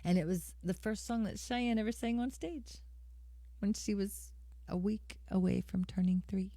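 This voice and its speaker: A woman's voice: mid-range voice, steady tone, normal speed, warm tone, dry recording. A middle-aged woman hosting a live music stream, chatting casually with viewers and calling them by name. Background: guitar accompaniment.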